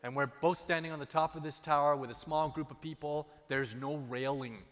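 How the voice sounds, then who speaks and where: A man's voice: on the high side, steady tone, moderate pace, fairly bright tone. A man preaching a sermon. He tells personal stories and repeats key phrases for emphasis. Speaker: pastor. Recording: long hall reverb.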